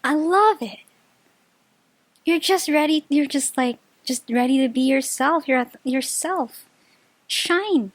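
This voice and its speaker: High-voiced, gushing woman tarot reader. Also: a little slow, no room sound. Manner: gushing and excitable, with bursts of high-pitched delight and laughter; chatty, full of filler words and restarts. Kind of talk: casual pick-a-card tarot reading.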